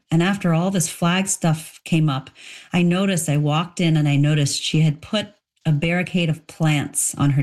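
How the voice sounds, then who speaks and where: Low-voiced woman author explaining. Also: darkish tone. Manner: thoughtful, explanatory, with frequent restarts. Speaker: author being interviewed. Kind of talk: interview answers.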